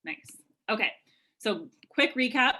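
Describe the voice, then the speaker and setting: A woman presenting a live webinar over a video call, answering attendees' questions in an energetic, chatty way with lots of fillers. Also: a little high, a little slow, low-quality recording. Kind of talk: live webinar Q&A, casual coaching. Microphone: webcam video call.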